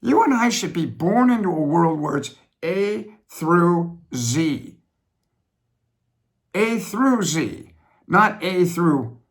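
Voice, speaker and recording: A middle-aged man talking alone from his home office, rambling and repetitive, pressing his points hard and then slowing right down. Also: high-pitched. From United States. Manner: rambling, repetitive, emphatic with sudden slowdowns. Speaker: business funding host. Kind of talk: reflective monologue.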